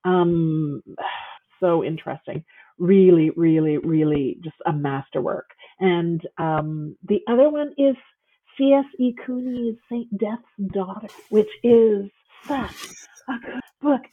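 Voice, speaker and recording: On a tinny phone call, this woman, a guest author, talks slowly in a fairly low voice. The chat is casual and enthusiastic, and she gushes with plenty of fillers.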